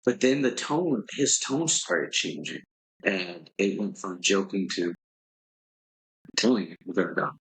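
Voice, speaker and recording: Podcast guest, male, deep-ish voice, very husky, candid and profane, rambling delivery. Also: expressive, measured pace, a bit bright, poor audio. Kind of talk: casual storytelling. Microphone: podcast microphone.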